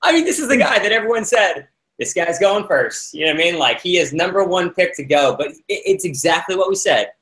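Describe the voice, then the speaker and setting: A man's voice: sits high, animated, fairly quick, a bit bright. Laid-back young man in a roomy echo. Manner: laid-back, laughing, playful asides. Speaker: show host and former houseguest. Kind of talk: casual recap chat.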